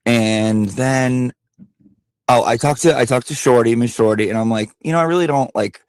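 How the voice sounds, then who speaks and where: A man's voice: medium pitch, moderate pace, smooth, no echo. A man vlogging, telling a story in a casual, emphatic way with frequent swearing and asides. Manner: emphatic and profane, with lots of asides.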